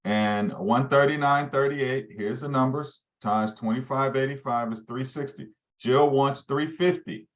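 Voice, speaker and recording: A man's voice: medium pitch, unhurried, few pauses, highs cut off. A man leading a live training session for real estate agents, quizzing his listeners as he goes. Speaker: real estate team leader teaching agents.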